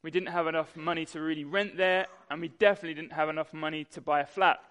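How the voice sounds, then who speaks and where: A young man delivers a sermon. He tells a personal story with animation, acting out the people in it. His voice sits slightly high for a man. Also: fairly even intonation, fast, fairly bright tone, clean tone. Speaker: pastor.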